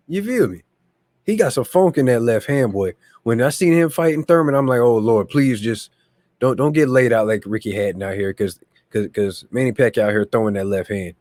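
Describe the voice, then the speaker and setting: A man hosting a boxing channel, giving slangy, animated casual commentary that often repeats itself. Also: mid-range voice, no room sound.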